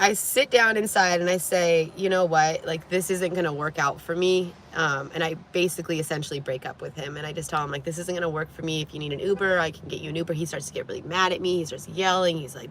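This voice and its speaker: A woman vlogger telling a personal story to camera in a casual, animated way, frank and profane, with many "like"s, from inside a vehicle. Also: on the low side, a little fast, a little hiss or hum.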